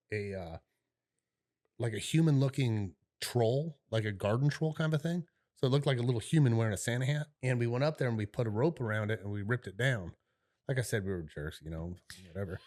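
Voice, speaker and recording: This podcast co-host is a middle-aged man whose medium-pitched voice sounds a little mellow. He rambles casually through a long story, swears without restraint, and keeps tossing in "right?" and "you know".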